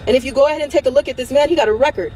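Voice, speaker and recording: High-voiced woman on an angry rant. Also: rapid-fire, mellow, slight background noise. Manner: angry, blunt, swearing; hammering repetition. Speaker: online commentator. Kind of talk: impassioned rant to camera.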